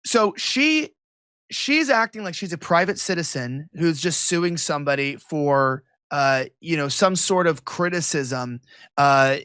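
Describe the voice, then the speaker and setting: High, bright-voiced sarcastic man. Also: no room sound, studio quality. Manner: sarcastic and mocking, with many restarts. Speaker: interview guest. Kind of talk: heated political commentary.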